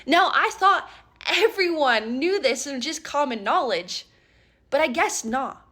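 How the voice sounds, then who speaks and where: A young woman with a fairly high voice tells a comedy story. She is animated and exasperated, with plenty of slang. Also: unhurried. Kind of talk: storytime sketch.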